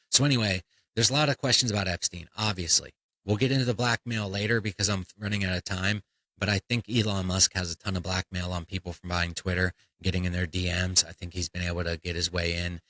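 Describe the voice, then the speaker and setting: A man's voice: deep voice, bright, forceful tone, dry recording, poor audio. A man hosting a comedy podcast, ranting in a blunt, profane, fired-up way. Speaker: podcast host.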